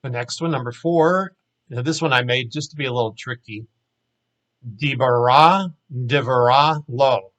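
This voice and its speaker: A man teaching a recorded language lesson, explaining plainly and saying each example word slowly twice. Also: medium pitch, a bit bright, poor audio. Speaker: Hebrew teacher.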